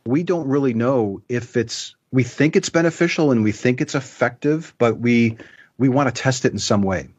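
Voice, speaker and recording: A man as an interview guest, explaining his plans in a relaxed, thoughtful way. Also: mid-range voice, moderate pace, breathy edge, highs cut off. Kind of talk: casual interview.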